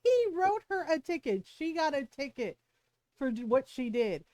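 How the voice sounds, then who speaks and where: A woman streamer in casual chat, telling an animated story and acting out the quotes. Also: high voice, moderate pace, no echo.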